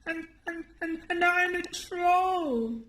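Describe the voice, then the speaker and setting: A woman's voice: very high voice, slow pace, a bit bright, roomy sound, voice pushed up, heavily acted. A woman reading a storybook aloud, voicing a timid male troll who stammers in a small, shaky voice.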